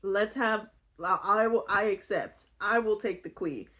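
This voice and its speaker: A woman voicing a naive twenty-two-year-old castaway in a casual book retelling, with a flat, bewildered delivery. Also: medium pitch, unhurried, lightly acted. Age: 20s.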